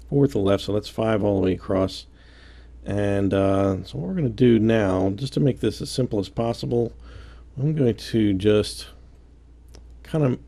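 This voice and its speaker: A man's voice: fairly low pitch, warm tone. A man giving casual step-by-step building commentary, counting aloud and joking about himself. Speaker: game building tutorial host.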